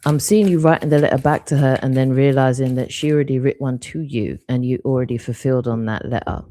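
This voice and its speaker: Deep-voiced woman giving a soft card reading. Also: dry recording. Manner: soft, reflective, unhurried talk. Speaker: card reader hosting a live stream. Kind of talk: live-stream intuitive reading.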